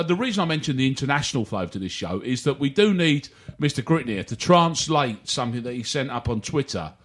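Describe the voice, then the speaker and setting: A man hosting a casual football chat, rambling and jokey with many restarts. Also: mid-range voice. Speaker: podcast host.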